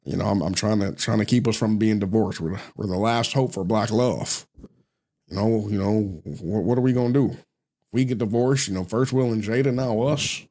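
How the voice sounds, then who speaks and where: A man's voice: on the low side, normal speed, mellow. A man putting on an impression of a famous politician husband, stammering and pleading.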